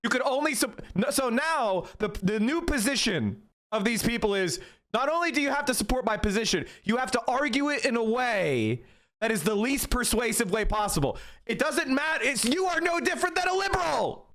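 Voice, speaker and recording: High-voiced man in a heated rant. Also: lively intonation, a little fast, a bit bright. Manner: heated, profane, berating his viewers. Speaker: political streamer. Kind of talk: live-stream commentary rant.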